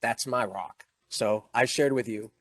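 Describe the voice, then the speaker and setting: A man's voice: medium pitch, measured pace, fairly bright tone, no room sound. Middle-aged male motivational speaker, dry close sound, emphatic storytelling that turns emotional. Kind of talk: inspirational keynote talk.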